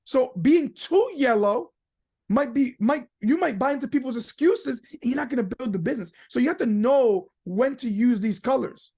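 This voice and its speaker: A man running an upbeat online training session from home. He talks loosely and quickly, with lots of "um" and "you know", and keeps jumping into little acted-out voices of other people. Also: very high-pitched, breathy edge. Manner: animated, acts out quoted people in character voices; casual with frequent fillers and restarts. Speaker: business trainer. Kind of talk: webinar training talk.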